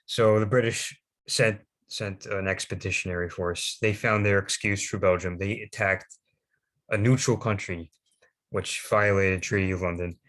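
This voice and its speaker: A young man presenting history slides off the cuff, halting often with fillers and restarts. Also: low voice, fairly bright tone.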